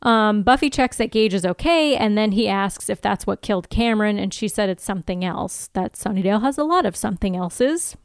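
A woman's voice: medium pitch, animated, fairly quick, hardly any pauses, clear, resonant tone, dry recording, studio quality. A young woman co-hosting a podcast, recapping an episode in casual chat and laughing often. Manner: laughs often, retells scenes with quoted lines. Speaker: podcast co-host.

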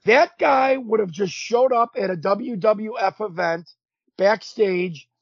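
A husky, high-pitched man in his fifties tells stories as a podcast guest. He is animated, acts out what people said and keeps restarting his sentences. The recording is dry and dull, lo-fi. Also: slow pace, dry recording. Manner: animated storyteller, acts out quotes, frequent restarts. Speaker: podcast guest, former pro wrestler. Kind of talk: casual storytelling interview. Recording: dull lo-fi sound.

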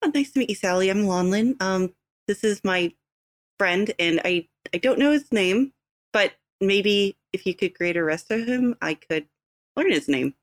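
A woman's voice: mid-range voice, animated, normal speed, no echo. Woman, tabletop player, in character, tentative, polite, dry sound.

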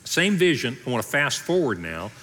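Conversational pastor preaching in a reverberant hall. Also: male voice, medium pitch, very animated, normal speed, fairly bright tone. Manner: conversational preaching, acts out voices in the story. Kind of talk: sermon. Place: church auditorium.

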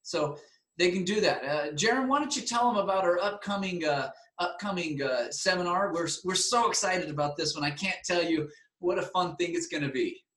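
A man hosting a talk, enthusiastically promoting his seminar in an energetic, animated way. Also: sits high, moderate pace. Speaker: seminar host. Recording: roomy echo.

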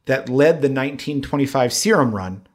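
A man's voice: mid-range voice, animated, normal speed. A man co-hosting a casual chat show, rambling along with frequent fillers and restarts as he talks through upcoming movies. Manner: rambling, hesitant, with many fillers.

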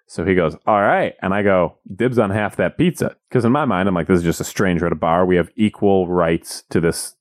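A man's voice: low-pitched, brisk, few pauses, dry recording. A man co-hosting a podcast, telling stories in casual banter and acting out quotes with exaggerated voices. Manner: animated, jokey, acts out quotes in exaggerated voices. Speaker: podcast co-host.

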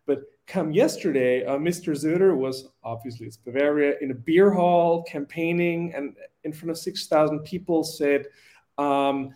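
A man's voice: a little high, moderate pace. A man from Austria co-hosting a political chat show, telling stories animatedly with lots of fillers and acted-out quotes. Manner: animated storytelling, acts out quotes, many fillers. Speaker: podcast co-host.

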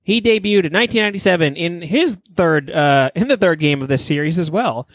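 A man in casual podcast chat, enthusiastic and rambling, peppering his talk with swears. His voice sits slightly high for a man. The recording is dry and close, with no room sound. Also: brisk, no room sound. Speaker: podcast co-host.

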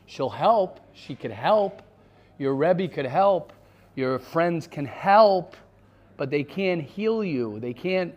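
A man's voice: on the high side, a little mellow. Emphatic man giving an informal Torah class. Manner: emphatic, repetitive, earnest. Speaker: rabbi teaching a class.

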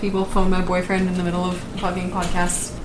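A woman's voice: on the low side, monotone, fairly quick, reverberant, background noise. A woman playing a tabletop game in casual chat, wry and blunt, swearing casually. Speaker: player.

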